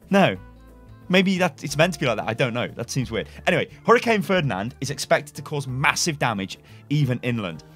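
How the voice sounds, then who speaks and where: A man's voice: mid-range voice, big pitch swings, fast talker, a bit bright, faint music behind. A young man, a gaming YouTuber, casually reading game lore aloud and speculating, rambling with self-corrections and chuckles, at a desk webcam setup.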